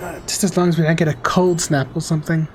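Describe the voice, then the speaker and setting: A young man's slightly high voice comes out fast and flat as he plays through a game on stream, reading chat and joking at his own expense. A little hiss or hum is audible, along with faint music behind him.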